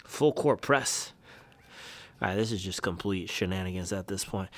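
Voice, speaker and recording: A man's voice: on the low side, animated, measured pace, sharp tone, no echo. A young man chatting casually in a vlog as a running shoe reviewer, playful and rambling with jokey slang.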